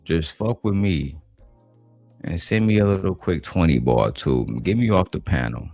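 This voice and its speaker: A man putting on a slow, smooth, seductive voice, playing a suave flirt. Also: expressive, a little mellow, dry recording, faint music behind. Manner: slow, low crooning flirtation.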